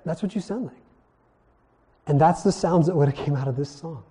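A man's voice: on the high side, brisk, dark tone. A man from Hawaii teaching a sermon in a conversational way, asking his listeners questions as he explains. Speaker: preacher.

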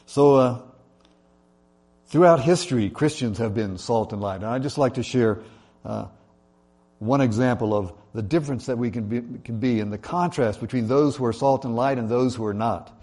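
Guy preaching in church, warm mellow voice, chatty sermon style, gets louder on lists. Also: mid-range voice, moderate pace. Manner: conversational preaching with fillers, rising on lists. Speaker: pastor.

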